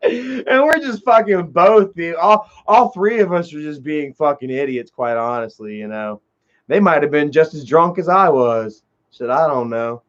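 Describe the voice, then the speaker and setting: A man telling a long, rambling story on a livestream, swearing freely and filling every pause with "you know" while greeting viewers in chat. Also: high-pitched, animated. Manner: profane, heavy on fillers like "you know". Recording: dull lo-fi livestream audio.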